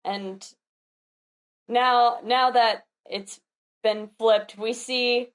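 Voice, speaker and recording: An enthusiastic woman recaps a comic chapter on a podcast with lively energy. Her voice sits a little high and she talks slowly. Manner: animated, enthusiastic. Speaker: podcast panelist. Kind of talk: casual chat, recapping a comic.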